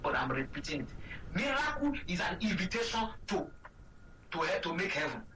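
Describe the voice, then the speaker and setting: A man's voice: high voice, big pitch swings, normal speed, sharp tone, recorded from a distance, slight background noise, poor audio. A man with a Nigerian accent preaching a sermon as a pastor, repeating emphatic phrases and asking rhetorical questions.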